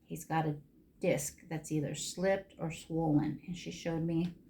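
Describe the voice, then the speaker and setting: A woman's voice: low voice, steady tone, a little slow, vocal fry, mellow, slight background noise. A middle-aged woman chatting casually while doing her makeup, telling a long rambling story with emotional ups and downs. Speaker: makeup vlogger.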